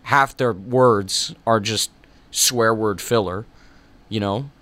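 A man's voice: fairly low pitch, slow pace, fairly bright tone, dry recording. A young man hosting a college radio show, chatting in a rambling, self-mocking way between songs. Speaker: radio host. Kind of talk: casual radio talk.

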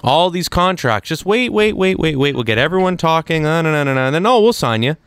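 A young man giving opinionated solo sports talk, animated, jumping into quick impressions of other people. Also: smooth, no echo. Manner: animated, mimics people in quick asides, lively pitch swings. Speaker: sports commentator.

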